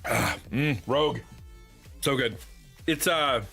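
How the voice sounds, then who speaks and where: A man's voice: medium pitch, slow, creaky, sharp tone, faint music behind. A middle-aged man chatting casually on a live stream from his home setup, rambling with many restarts. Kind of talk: casual livestream chat.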